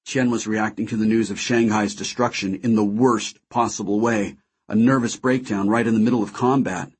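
A man narrating a first-person audiobook in a measured, dramatic way. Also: lowish voice, steady tone, slightly rough.

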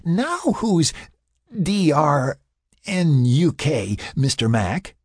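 Man plays drunk, teasing young woman, slurred and husky. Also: big pitch swings, extremely slow, no room sound, clean studio sound, heavily acted. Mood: tipsy teasing. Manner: slurred, teasing, high put-on voice. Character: tipsy giggling young woman, playful.

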